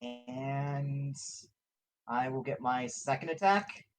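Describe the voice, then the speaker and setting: A man's voice: medium pitch, slow pace, faint music behind. A man playing a tabletop game, casual and playful in manner. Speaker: player.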